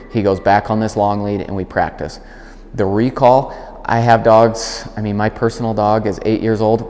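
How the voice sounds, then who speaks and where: Low-voiced dog trainer in an echoey hall. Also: male voice. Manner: calm explaining voice, firm clear commands. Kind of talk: instructional demonstration. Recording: long hall reverb.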